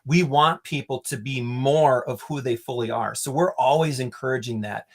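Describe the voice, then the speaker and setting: A man's voice: medium pitch, normal speed. A man interviewing a guest as a mindset coach, upbeat and encouraging, asking long, winding questions. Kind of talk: casual interview chat.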